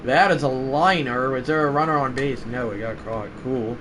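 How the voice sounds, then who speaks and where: A man live-streaming a baseball video game, chatting to viewers and breaking into loud play-by-play calls. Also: mid-range voice, moderate pace, noisy background. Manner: rambling chat to viewers, bursting into shouted play-by-play calls. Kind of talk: live game commentary and chat.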